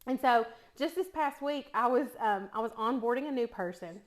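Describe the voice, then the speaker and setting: Middle-aged woman, East Tennessee accent, slightly high voice, relaxed cooking-vlog chatter with frequent laughs. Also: normal speed. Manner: chatty storyteller, laughs often. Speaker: cooking vlogger. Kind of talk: casual chat while cooking.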